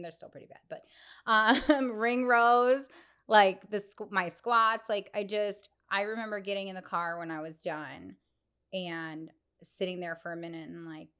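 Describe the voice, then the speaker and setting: Woman cohosting a chatty podcast, super animated, jumps way up when she quotes people, laughs a lot. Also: clean tone. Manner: animated storyteller, acts out quotes with big pitch jumps and laughs. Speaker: podcast co-host. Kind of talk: casual chat. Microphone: podcast microphone.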